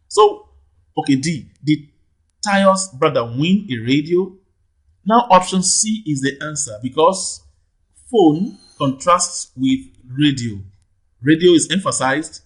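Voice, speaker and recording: Husky-voiced man tutoring exam questions. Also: a little high, a bit bright, rough recording. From Nigeria. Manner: patient, repeats question numbers, asks "right?". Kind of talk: teaching lesson, explaining answers.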